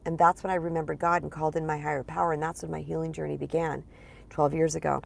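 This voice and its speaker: Female coach, casual vlog talk, low-set voice with a lot of fry, chatty and repetitive for emphasis. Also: level tone, fast. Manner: chatty, repeats words for emphasis, addresses viewers as "you guys". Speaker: spiritual empowerment coach.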